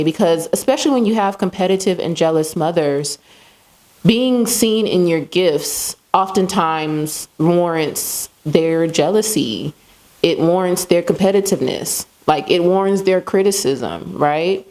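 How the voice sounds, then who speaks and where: Female host, low pitch, conversational self-help monologue, loose and full of asides. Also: unhurried, a little mellow. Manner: conversational, many fillers and asides. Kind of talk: casual self-help talk.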